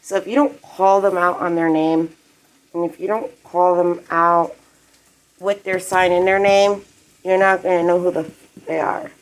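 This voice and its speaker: A woman's voice: on the low side, fairly even intonation, a little slow, low-quality recording. A woman on a live stream, ranting in a rambling, profane, agitated way from her apartment. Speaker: livestreamer.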